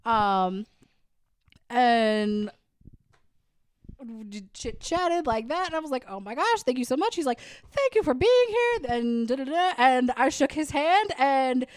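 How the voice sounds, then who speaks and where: Brief: young woman co-host, rambling fan-story chat, higher voice, dry sound. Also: animated, a little slow, clean tone, dry recording. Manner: rambling, filler-heavy storytelling with laughs. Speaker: podcast co-host. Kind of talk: casual chat.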